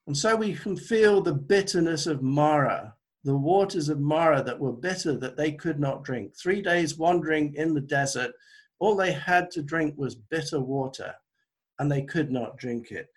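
A man's voice: on the high side, normal speed, breathy edge. A man preaching a sermon over a video call, earnest and conversational, recovering from an illness. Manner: earnest, conversational preaching with self-deprecating asides. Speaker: pastor.

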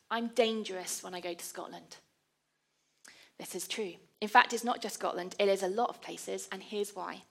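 Bright-voiced woman preaching. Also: a little high. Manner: conversational, self-deprecating, animated storytelling. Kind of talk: sermon.

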